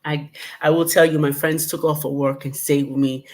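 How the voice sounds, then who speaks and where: Woman host on a podcast, real low voice, says yeah a lot and agrees. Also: flat delivery, normal speed, a little mellow. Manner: affirming, frequent agreement. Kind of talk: casual podcast conversation.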